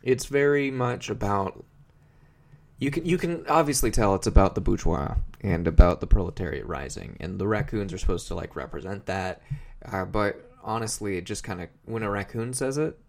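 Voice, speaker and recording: A low-voiced man with a gravelly, creaky edge recaps a TV episode for his podcast. He rambles in a loose, joking way and trips over his words as he goes. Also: normal speed, a little mellow. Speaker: podcast co-host. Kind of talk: casual comedic recap chat.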